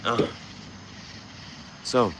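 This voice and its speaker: A man hosting a livestream, giving casual, rambling, slangy commentary with sudden loud, excited bursts. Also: drawn-out words, slight background noise, low-quality recording. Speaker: livestream host.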